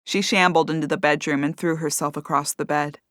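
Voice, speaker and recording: A woman narrating a cozy mystery audiobook in a measured storytelling manner. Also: deep voice, fairly even intonation, a bit bright, no room sound, clean studio sound. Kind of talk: scripted narration.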